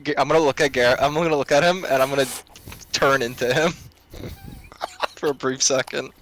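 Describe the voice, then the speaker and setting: A man taking part in a tabletop role-playing game. He speaks hesitantly and plainly, with a middle pitch. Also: steady tone, a little fast, fairly bright tone, slight background noise. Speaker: player.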